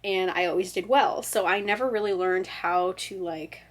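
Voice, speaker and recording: A woman's voice: fairly low pitch, normal speed. Chatty young woman full of fillers. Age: 20s. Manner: self-deprecating, laughs at herself. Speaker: vlogger. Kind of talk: rambling casual chat.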